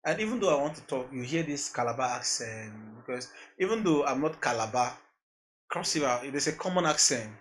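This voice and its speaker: A man's voice: mid-range voice, lively intonation, brisk, fairly bright tone. A man with a Nigerian accent who mixes in Pidgin, a music producer talking about his journey as a podcast guest, earnest and reflective, repeating phrases as he thinks. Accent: Nigerian, mixing in Pidgin. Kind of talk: casual interview chat.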